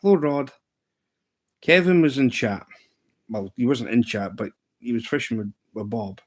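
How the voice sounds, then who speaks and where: A Scottish man in his thirties, chatting casually on a livestream and telling a rambling story, with sudden pitch jumps when he mimics other people. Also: expressive, moderate pace. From Scotland. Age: 30s. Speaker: live streamer.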